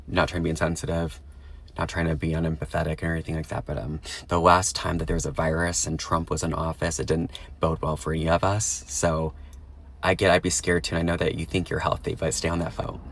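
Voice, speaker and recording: Super deep guy with a creaky voice, flat and chill, talks right to you. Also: a little fast. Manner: laid-back, talks to the listener directly. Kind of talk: casual commentary to camera.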